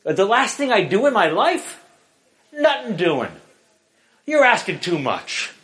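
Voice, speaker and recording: A man's voice: high voice, very animated, unhurried, fairly bright tone, heavily acted. A man doing a tough condemned gangster. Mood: defiant. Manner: pleading, panicked wailing when terrified. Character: defiant tough male gangster on death row.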